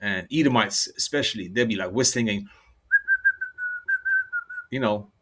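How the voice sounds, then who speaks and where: A middle-aged British man gives an informal sermon in a blunt, swearing street style. He checks in with "okay?" and "all right?" after his points and slows down to read scripture aloud. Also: fairly low pitch, fairly bright tone. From United Kingdom. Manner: reads scripture aloud slowly. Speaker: religious preacher. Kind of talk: informal preaching monologue.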